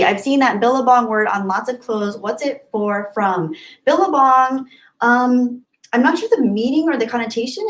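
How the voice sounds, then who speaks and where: A woman's voice: a little high, rough recording. A young adult woman hosting a casual livestream, chatting and giggling as she answers viewers' comments by name. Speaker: livestream host.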